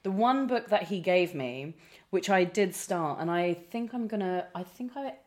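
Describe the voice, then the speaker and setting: A woman's voice: lowish voice, animated, normal speed. A woman, chatting about books in a self-deprecating, laughing way. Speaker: guest. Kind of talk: casual chat about books.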